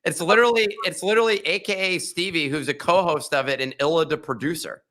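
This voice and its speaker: A man co-hosting a casual crypto chat on a live audio space, joking and self-mocking with animated outbursts. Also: fairly high pitch, quick pace. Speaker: co-host.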